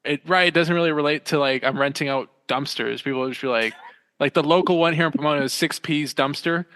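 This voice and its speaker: Male podcast guest, smooth resonant voice, relaxed explainer, long room reverb. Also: a little high, a little fast. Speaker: podcast guest, business owner. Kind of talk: casual interview chat.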